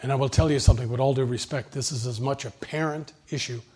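A man's voice: medium pitch, fairly even intonation, quick pace, darkish tone, breathy edge. A man preaching a sermon with an emphatic, repetitive cadence. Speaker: pastor.

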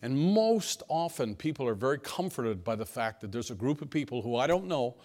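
A pastor preaching a sermon to his church, telling personal stories in a folksy manner that swings between hushed asides and emphatic lines. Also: medium pitch, sing-song, a little fast. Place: church sanctuary.

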